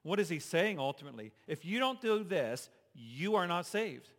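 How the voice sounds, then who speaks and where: A man's voice: sits high, big pitch swings, normal speed, fairly bright tone, long reverb tail. A male pastor preaching a sermon in a conversational way, asking the congregation rhetorical questions, in a church sanctuary.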